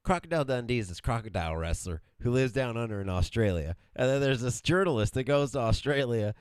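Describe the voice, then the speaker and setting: A man's voice: mid-range voice, animated, fast talker, clean tone, no room sound, studio quality. A man co-hosting a casual podcast with his wife, rambling and teasing as he jumps between topics. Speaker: podcast co-host. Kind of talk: casual couple's podcast banter.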